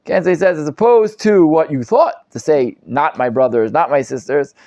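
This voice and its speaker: A man, a rabbi, teaching a live Bible class, reading Hebrew commentaries quickly and explaining them in English with frequent Hebrew terms. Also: no echo, studio quality. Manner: animated, acts out quoted speakers with sudden loud pitch jumps.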